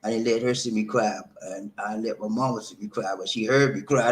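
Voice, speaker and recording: A man's voice: fairly low pitch, steady tone, brisk, few pauses, a little hiss or hum. A middle-aged man, telling viewers a personal story in an emphatic way, often tagging on "man" and laughing at himself. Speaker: vlog host.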